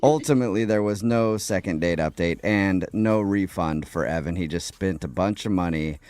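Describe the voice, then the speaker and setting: A man's voice: low voice, moderate pace, darkish tone, clean tone, no echo. A man hosting morning radio, teasing and recapping with playful banter. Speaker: radio host.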